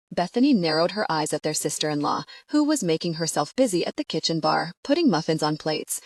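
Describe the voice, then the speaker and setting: Audiobook narrator, woman, low voice, animated delivery, dry close studio sound. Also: fairly quick, hardly any pauses, no room sound. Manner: expressive storytelling. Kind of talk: scripted narration.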